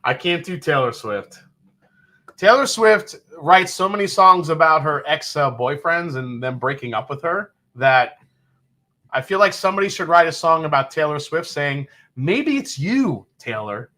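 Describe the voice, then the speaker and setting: A man's voice: a little high, normal speed, pushed and bright. A man hosting a casual livestream, loose and joking and sometimes profane. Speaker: livestream host. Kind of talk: casual live chat.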